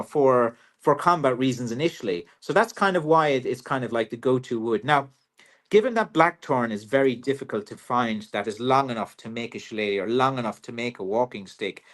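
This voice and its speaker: An Irish man hosts a casual livestream, answering viewer questions about his walking sticks. He is chatty and jokey, with plenty of ums and uhs. His voice sits at an ordinary middle pitch. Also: a bit bright. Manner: chatty, joking, loose with fillers.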